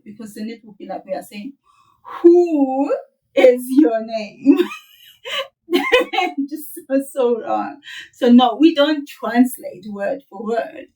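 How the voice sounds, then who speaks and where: A woman teaching a children's language lesson, modeling words slowly and playfully with laughs. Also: a little high, a little mellow, distant mic, rough recording. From South Africa.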